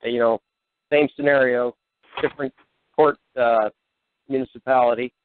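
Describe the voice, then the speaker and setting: A man's voice: medium pitch, steady tone, normal speed, a little hiss or hum. A man calling in to a talk show, telling his story hesitantly with many fillers. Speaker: caller. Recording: dry, tinny phone line.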